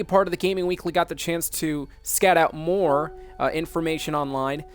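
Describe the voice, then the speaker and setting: A man hosting a mock news broadcast, dramatic and emphatic, repeating words for effect. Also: on the high side.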